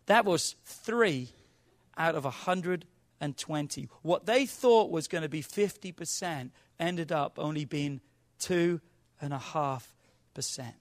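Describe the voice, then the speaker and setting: A man preaching a sermon with animated delivery who acts out quoted arguments and sometimes rises to shouting. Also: on the high side, slow pace. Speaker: pastor.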